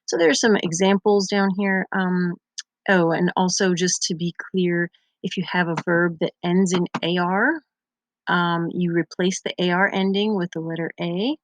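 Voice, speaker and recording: Woman, Spanish teacher, patient methodical explanation, low pitch, dry recording. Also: fairly even intonation, moderate pace, no room sound. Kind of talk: recorded lesson explaining slides.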